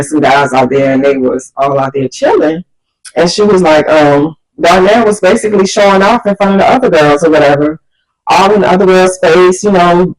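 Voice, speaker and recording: A woman vlogger telling a story casually, animated and slangy, acting out the people she quotes. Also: fairly low pitch, poor audio.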